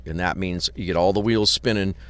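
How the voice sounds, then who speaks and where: A man's voice: sits low, steady tone, brisk, clean tone. A middle-aged man, a record producer, casually telling long anecdotes with lots of swearing and acted-out quotes. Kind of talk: casual storytelling. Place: hotel parking lot.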